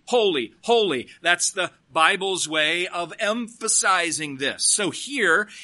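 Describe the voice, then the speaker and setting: Bright-voiced, slow-preaching male pastor. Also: high voice. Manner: preaching slowly, reading scripture aloud with emphasis. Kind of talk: sermon.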